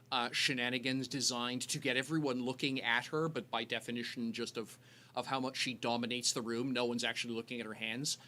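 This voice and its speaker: A man's voice: mid-range voice, sharp tone. Guy running a tabletop game, rambly, lots of ums, restarts all the time. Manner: rambling, many fillers and restarts. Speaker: game master.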